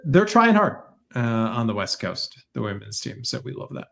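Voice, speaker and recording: A man's voice: medium pitch, sing-song, moderate pace, gravelly. A man co-hosting a casual sports podcast, talking animatedly and slipping into mocking impressions. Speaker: podcast co-host.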